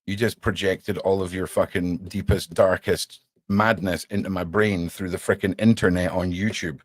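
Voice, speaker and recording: Man, stream host, low voice, dry close sound, animated casual chat. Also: moderate pace, no room sound. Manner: animated, swears casually, addresses chat as mate. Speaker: livestream podcast host.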